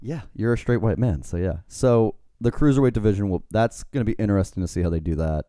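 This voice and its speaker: A man's voice: fairly low pitch, lively intonation, fast, mellow, no room sound, clean studio sound. A man co-hosting a podcast, chatting in a loose, joking, rambling way. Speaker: podcast co-host. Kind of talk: casual chat.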